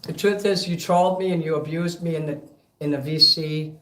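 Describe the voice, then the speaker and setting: A man's voice: a little high, steady tone, normal speed, a bit bright. A man ranting profanely and rambling in a casual livestream between karaoke songs. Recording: echoey room over karaoke backing music.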